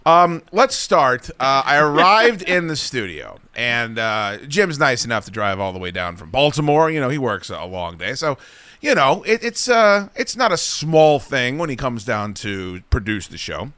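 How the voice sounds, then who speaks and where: A man's voice: mid-range voice, sing-song, measured pace, bright, forceful tone, clear, resonant tone, dry recording. A male radio host telling a profane, exasperated story in the studio, acting out other people's lines. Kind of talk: casual comic talk radio rant.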